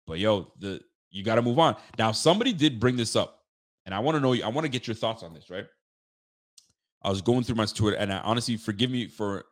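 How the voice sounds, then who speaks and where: A man hosting a sports podcast, giving casual football picks and venting animatedly, swearing and talking straight to his listeners. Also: fairly low pitch.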